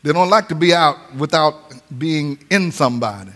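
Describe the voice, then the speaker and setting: A man with a high, bright voice preaches a sermon. He drives his points home with rising sing-song cadences and sudden shouted lines. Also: expressive, normal speed. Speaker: pastor.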